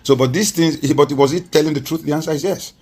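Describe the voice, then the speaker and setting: Husky nigerian guy arguing politics on tv, punchy repeated points. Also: fairly high pitch, quick pace, darkish tone. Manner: emphatic, rhetorical repetition. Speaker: political commentator guest. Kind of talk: TV interview commentary.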